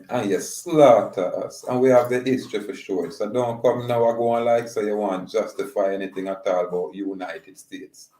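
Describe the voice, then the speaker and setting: A man with a Jamaican accent, in a low, dark-toned voice, delivers a preachy and confrontational reaction monologue, sliding in and out of patois. He is recorded in an echoey room. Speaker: video commentator.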